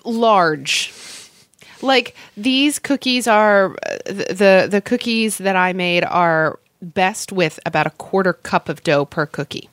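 A woman's voice: mid-range voice, lively intonation, slow, fairly bright tone, no room sound. Chatty woman talking with her mouth full. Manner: chatty, eating while talking. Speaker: co-host. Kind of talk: casual food chat.

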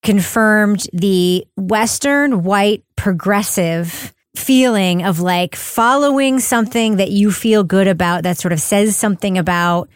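A woman's voice: mid-range voice, a little slow, few pauses, clear, resonant tone, no room sound. Woman, podcast host, guiding casual chat, dry close sound. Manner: steers the discussion, often checks with "right?".

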